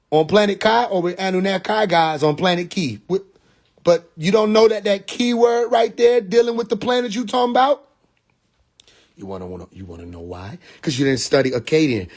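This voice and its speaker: A young man from Atlanta with a Southern accent, hosting a phone live stream and lecturing in a mocking, preachy way, firing rhetorical questions with profane slang. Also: high voice. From Atlanta, USA. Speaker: livestream host. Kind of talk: rambling live-stream monologue.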